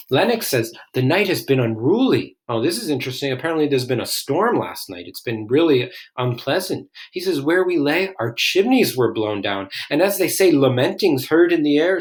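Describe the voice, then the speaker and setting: A man reading lines from a play aloud and explaining them in plain, casual words, often musing over what he finds interesting. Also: medium pitch. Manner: reads lines then paraphrases them in plain talk, musing and curious. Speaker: literature explainer. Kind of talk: casual read-aloud with commentary.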